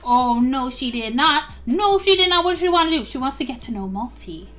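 Excitable high-voiced woman gamer. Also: brisk. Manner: excitable, gasps and laughs often. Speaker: gaming youtuber. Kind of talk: let's play commentary.

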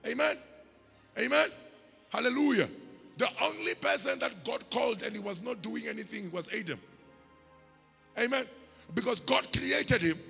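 A man's voice: extremely high pitch, lively intonation, normal speed, gravelly, pauses often, pushed and bright, faint music behind. A South African man preaching a sermon as pastor. He uses rhythmic call-and-response and emphatic delivery, recorded in a church hall with long reverb.

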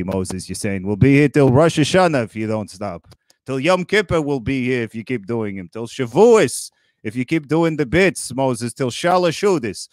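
A man playing Moses as a grumpy old Brooklyn man, hosting a comedy roast with sarcastic rapid-fire jokes. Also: mid-range voice, no echo, natural voice. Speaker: roast host.

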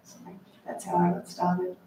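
A woman author speaking to a library audience, lively and chatty with wry asides, recorded from far off in an echoey room. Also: on the low side, unhurried, vocal fry, a little hiss or hum. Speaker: author giving a library talk. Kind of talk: talk and audience Q&A.

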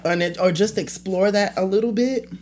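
A woman's voice: mid-range voice, normal speed, a little mellow, slight background noise. A young adult woman hosting her own podcast in a casual solo rant, blunt and profane, trailing off and restarting her thoughts. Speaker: podcast host.

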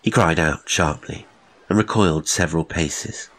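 Deep-voiced male horror narrator. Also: fairly bright tone. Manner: measured, dramatic storytelling. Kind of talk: scripted audiobook narration.

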